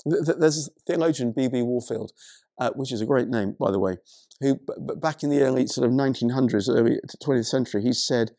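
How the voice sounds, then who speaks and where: A male pastor preaching a sermon, retelling a story in an animated way, with many stammered restarts. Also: medium pitch, brisk, no echo, studio quality.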